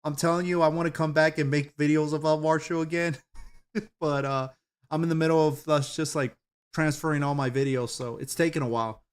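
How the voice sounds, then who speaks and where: A man's voice: on the high side, steady tone, fairly quick, smooth. A man streaming as he browses videos, rambling, swearing loosely and giggling often at what he sees. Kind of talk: casual commentary while browsing videos.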